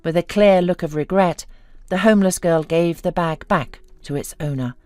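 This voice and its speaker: A woman narrating a scripted drama story in an even storytelling delivery. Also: lowish voice, moderate pace, no room sound.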